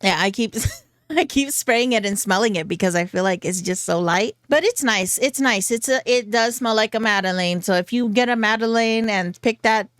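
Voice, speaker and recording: A woman's voice: on the high side, moderate pace, fairly bright tone, no echo. Giggly, chatty woman vlogger reviewing fragrances in a dry, close-sounding room. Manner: giggly, chatty, goofy asides. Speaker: beauty vlogger. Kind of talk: casual fragrance haul review.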